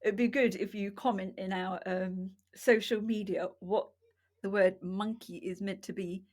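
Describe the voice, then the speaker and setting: A woman's voice: medium pitch, fairly even intonation, a little slow, darkish tone. A middle-aged woman from England co-hosting a casual podcast chat, telling family stories with frequent laughs. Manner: storytelling, laughs often. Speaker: podcast co-host.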